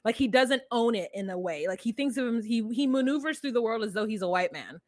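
Chatty higher-voiced woman podcaster. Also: animated, quick pace, darkish tone, no room sound. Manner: chatty, lots of fillers and asides. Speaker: podcast co-host. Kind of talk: casual recap chat.

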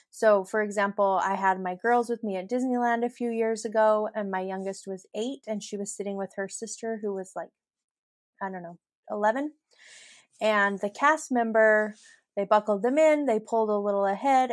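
A woman's voice: mid-range voice, no room sound. Giggly chatty woman podcaster, dry sound. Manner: chatty and giggly, laughs through her stories. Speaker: podcast host. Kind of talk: casual solo podcast storytelling.

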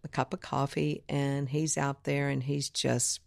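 A woman from Mississippi tells a story in an interview, acting out other people's lines as she goes. Her voice sits low and has a gravelly edge. The recording is dry and close, with no room sound. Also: flat delivery, a little slow, darkish tone, no room sound. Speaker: guest, music producer and author.

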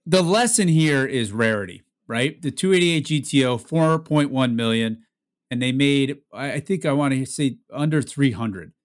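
A man with an ordinary middle-pitched voice hosts a loose conversation. He asks questions, cuts in eagerly, and keeps things playful. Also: lively intonation. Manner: curious, quick to interject, playful. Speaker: podcast host. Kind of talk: casual conversational chat.

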